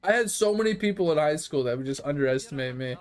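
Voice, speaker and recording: A young adult man who streams games, telling profane, animated stories in casual chat. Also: a little high, fast, faint music behind. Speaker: gaming streamer. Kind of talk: casual storytelling.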